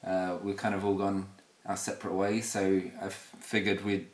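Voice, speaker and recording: A young adult man hosting a comedy podcast, teasing his co-host and cutting in with quick questions. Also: deep voice, little pitch movement. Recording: echoey room.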